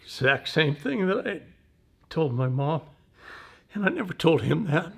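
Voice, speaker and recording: Older man, folksy halting veteran storyteller. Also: a little high, sing-song, creaky, husky. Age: 70s. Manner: unhurried, halting, folksy "I says" phrasing. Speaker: veteran interviewee. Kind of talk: personal war storytelling interview.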